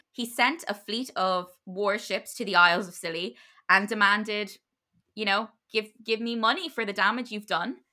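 A woman's voice: mid-range voice, bright, forceful tone. A woman casually retelling a history story to her podcast co-host, chatty and loose, with many fillers and restarts.

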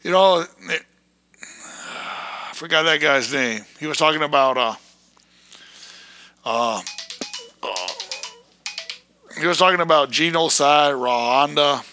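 A man ranting in a fiery, erratic preaching monologue, breaking into sudden shouted bursts. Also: on the high side, slow pace, pauses often, no room sound, faint music behind.

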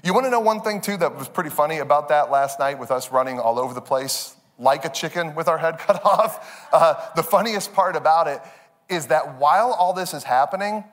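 A pastor in his thirties tells a story in an animated, self-mocking way. His voice is fairly high for a man. It rings with the long reverb of a large church sanctuary. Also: a little fast. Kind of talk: sermon.

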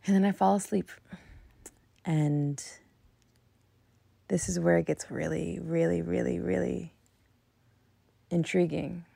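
Young woman, gravelly husky voice, low flat delivery, dry close sound; confessional storytelling. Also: takes it slowly, pauses often, dry recording. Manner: emotional, confessional, drifts into soft whispers. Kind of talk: personal storytelling.

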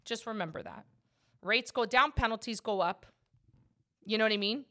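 A woman's voice: fairly high pitch, moderate pace, sharp tone. A woman who works as a mortgage agent and hosts a podcast, talking casually and emphatically about her work.

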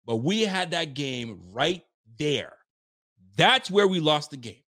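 A man's voice: a little high, animated, takes it slowly, pushed and bright. A young man hosting a live sports stream, ranting with frustration and swearing freely, sometimes acting out players' voices. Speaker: livestream host. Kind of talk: animated live sports rant.

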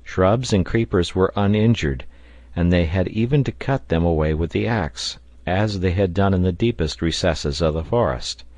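Male audiobook narrator, steady reading, low voice, dry close recording. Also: normal speed, dry recording. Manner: steady, even-paced reading.

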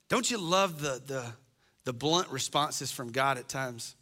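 A man's voice: a little high, moderate pace, bright, forceful tone. A middle-aged man preaching a sermon as pastor, impassioned and acting out the voices he quotes.

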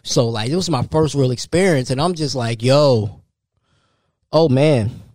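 A man, hosting a solo podcast and telling an animated story. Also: measured pace, no echo, clean studio sound. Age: 30s. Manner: animated storytelling, jumps high for quoted voices. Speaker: podcast host.

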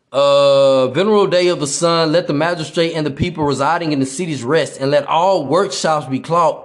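A man's voice: on the high side, reverberant. A man preaching informally on a podcast, with slangy talk, often asking "right?" and stumbling while reading aloud. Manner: slangy street speech. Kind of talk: informal religious teaching.

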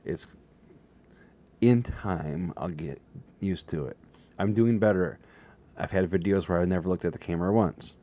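A slightly hoarse man with a very low, mellow voice talks alone at his desk to his webcam. He rambles from topic to topic, teasing himself in a loose, jokey way. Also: measured pace, long pauses. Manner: self-mocking, jokey, drifts between topics. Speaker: solo vlogger. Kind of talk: rambling casual monologue to camera. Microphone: desk setup facing a webcam.

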